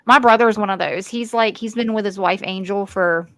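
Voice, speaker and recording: A woman's voice: mid-range voice, a little fast, no room sound. Middle-aged woman cohost, blunt and sweary, dry close sound. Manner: blunt, profane, animated storytelling. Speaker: podcast co-host. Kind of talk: casual chat.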